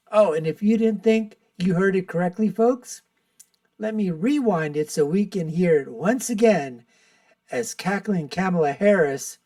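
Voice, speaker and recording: A man hosts his own commentary show in an unhurried, sneering delivery. His voice sits dry and slightly distant from the microphone. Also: a little high, no room sound. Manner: mocking, repeats "folks". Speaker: show host. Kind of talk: political commentary monologue.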